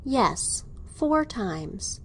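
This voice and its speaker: A woman's voice: fairly high pitch, big pitch swings, drawn-out words, fairly bright tone, breathy edge, voice pushed up, exaggerated voice. Catherine, a woman voicing a pleading young daughter. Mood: earnest. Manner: earnest, pleading. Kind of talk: audiobook character reading.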